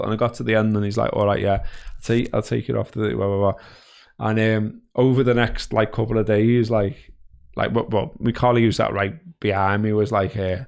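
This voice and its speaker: A man co-hosting a casual podcast, telling stories with animated rants. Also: on the low side, a little fast, gravelly. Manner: animated storytelling, acting out his own rants. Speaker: podcast co-host. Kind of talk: casual chat.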